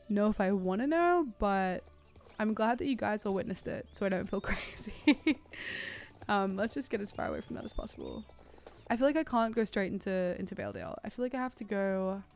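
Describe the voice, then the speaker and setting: A young woman with an Australian accent chats through her gameplay in a smooth, clean voice, gushing and excitable. She talks at a mid pitch and keeps things casual and chatty. Soft game music plays faintly underneath. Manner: excitable, gushing, lots of "oh my god" and "like". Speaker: gaming YouTuber.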